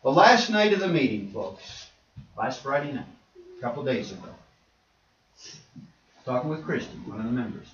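A man preaching a sermon in a church, shifting between quiet storytelling asides and forceful, emphatic exhortation. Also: medium pitch, lively intonation, moderate pace, long pauses. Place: church sanctuary. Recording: echoey church room, distant mic, dull lo-fi.

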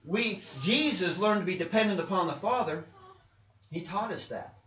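A man's voice: sits high, moderate pace, a bit bright. A male pastor preaching a conversational sermon in a church, asking his congregation rhetorical questions. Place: church sanctuary. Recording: roomy, distant, dull church recording.

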